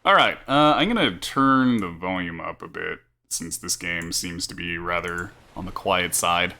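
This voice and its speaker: A man's voice: low-pitched, a little slow, vocal fry, bright, forceful tone. A man streaming a game, chatting casually with wry asides.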